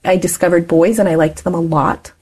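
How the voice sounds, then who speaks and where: A woman's voice: lowish voice, fairly even intonation, brisk, darkish tone, husky. A woman in her forties, an interview guest telling her life story candidly and laughing often as she talks.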